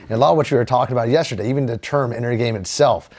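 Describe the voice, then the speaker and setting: A man interviewing a guest in a casual, relaxed way, with some hesitation. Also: mid-range voice, rapid-fire.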